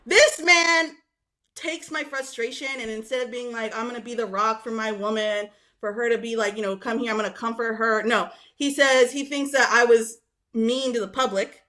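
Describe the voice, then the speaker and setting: Exasperated female caller, bright and on the higher side, chatty storyteller. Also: steady tone, fairly quick. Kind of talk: casual chat on a call-in roast.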